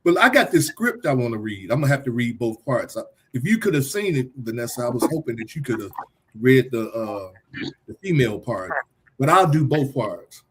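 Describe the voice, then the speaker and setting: A man's voice: medium pitch, very animated, brisk, a bit bright, a little hiss or hum. A man hosting a podcast, chatting loosely, teasing and laughing often. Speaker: podcast host. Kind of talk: casual talk show chat.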